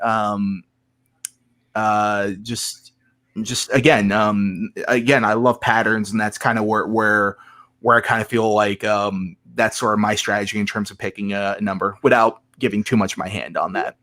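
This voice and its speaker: A man's voice: on the low side, steady tone, normal speed, fairly bright tone. A man, a guest on a casual podcast interview, talking hesitantly with many restarts and filler sounds. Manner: hesitant, restarts often, frequent ums.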